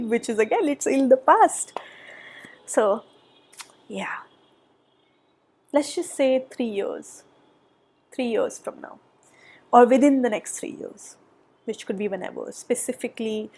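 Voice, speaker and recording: A woman doing a pick-a-pile tarot reading, chatty and thinking aloud, with soft murmured asides and a nasal voice from a cold. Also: on the high side, slightly rough. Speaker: tarot reader. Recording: background noise.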